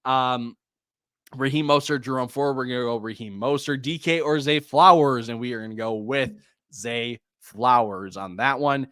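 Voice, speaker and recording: A man hosts a live fantasy football stream, reading out viewers' names and snapping back quick start-or-sit calls. He sighs often and sounds a little distracted. His voice sits at a middle pitch and is recorded close and dry, with no room sound. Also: bright, forceful tone, clear, resonant tone, no echo. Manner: rapid answers, reads viewer names and questions. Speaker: fantasy football podcast host.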